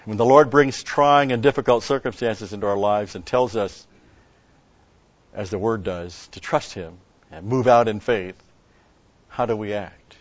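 A man's voice: lowish voice, measured pace, no room sound, dull audio. A man preaching a sermon, telling a story and asking rhetorical questions with an occasional chuckle.

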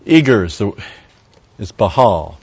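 A low-pitched man delivers a verse-by-verse sermon in an easy, conversational way. He drifts into Hebrew word studies and drops wry asides to his listeners. The recording is muffled and lo-fi. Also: big pitch swings, unhurried, gravelly, darkish tone, breathy edge. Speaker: Bible teacher.

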